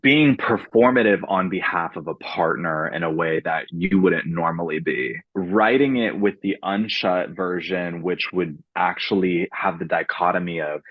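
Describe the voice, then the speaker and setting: A man's voice: deep voice, unhurried, hardly any pauses, no room sound, narrow, tinny audio. A young man guest on a podcast interview, talking animatedly about his songs and laughing often. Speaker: guest, singer.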